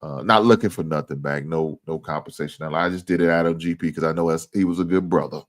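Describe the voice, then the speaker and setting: A man hosting a casual sports livestream chats with viewers and reads out their comments at a quick pace. He swings between low mumbles and loud, exasperated, cursing rants.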